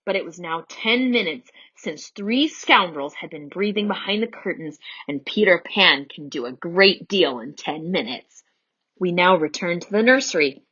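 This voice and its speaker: A woman reading a children's story aloud in an animated, theatrical way. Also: on the low side, moderate pace, slightly rough, highs cut off.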